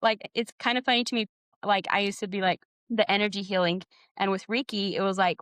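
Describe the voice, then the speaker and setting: A woman's voice: medium pitch, fairly even intonation, fairly quick, a bit bright, clear, resonant tone, no room sound. A woman coach in her thirties, guest on a podcast, explaining her ideas earnestly in a casual conversational way and acting out bits of inner dialogue.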